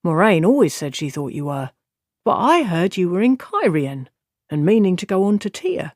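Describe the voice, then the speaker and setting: A man's voice: high voice, big pitch swings, normal speed, dry recording, clean studio sound. A man voicing a brash young man in an audiobook, blunt and casual. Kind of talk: audiobook character voice.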